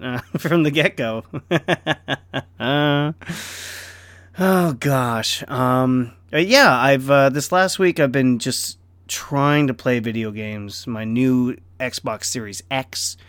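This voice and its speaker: A middle-aged man talks through a casual home vlog, wandering from story to story with lots of ums and easy laughter. He sounds self-deprecating and unhurried, at an average pitch. The room is dry, with no echo. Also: fairly bright tone, clean tone. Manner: rambling, self-deprecating, laughs often, many fillers. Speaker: vlogger. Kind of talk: casual rambling vlog chat.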